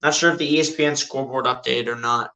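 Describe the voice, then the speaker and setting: A man giving casual fan-style live play-by-play of a basketball game, chatty and excitable, often tossing in "dude". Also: mid-range voice, quick pace. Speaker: streamer doing live play-by-play.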